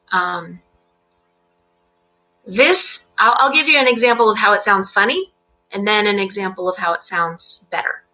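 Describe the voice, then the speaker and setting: A middle-aged woman leads a live English lesson from her home, explaining grammar patiently with plenty of ums and light laughter. Her voice is bright and crisp, pitched in an ordinary range. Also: rough recording. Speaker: English teacher. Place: home in Central Virginia.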